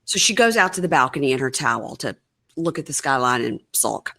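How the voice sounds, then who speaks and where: A woman hosting a podcast, casually recapping a reality show episode and acting out the cast's lines in an animated way. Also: a bass voice, fairly quick. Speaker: podcast host. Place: her sister's house, dim room.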